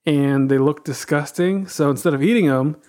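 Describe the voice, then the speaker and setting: A man's voice: on the high side, normal speed, a little mellow. A man co-hosting a podcast, teasing the others and telling stories with frequent laughter. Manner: teasing storyteller, laughs often. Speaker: podcast co-host. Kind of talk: casual chat.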